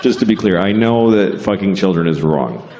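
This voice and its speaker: A man doing a stand-up comedy set, delivering deadpan and acting out voices. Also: sits low, moderate pace. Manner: deadpan, acts out voices in quotes. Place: theater stage before a live audience. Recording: live show with crowd noise and laughter.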